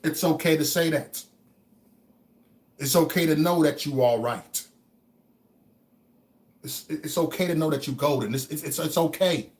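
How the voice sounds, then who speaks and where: His voice a little high and his pace a little slow, this livestreamer pauses often while giving his chat a motivational speech. He repeats lines over and over, stammers on words, and veers from quiet reflection to loud preaching.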